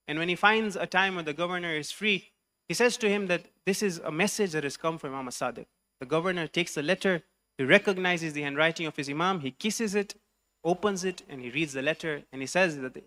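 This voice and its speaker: Bright-voiced man preaching a story sermon. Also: a little high. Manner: retells a story, switching between English and recited Arabic phrases. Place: mosque hall.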